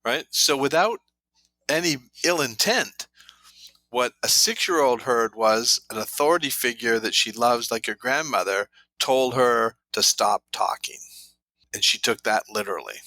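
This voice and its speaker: Bright-voiced man telling stories. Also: medium pitch, measured pace, no room sound, rough recording. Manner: animated anecdotes with quoted dialogue. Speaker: guest, trauma therapy author. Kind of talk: storytelling interview talk.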